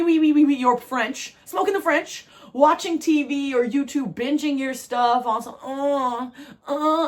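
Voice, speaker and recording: With a high-pitched voice, a tarot reader from New Jersey offers viewers a spiritual reading. She's animated and laughs often, repeating phrases to emphasize them.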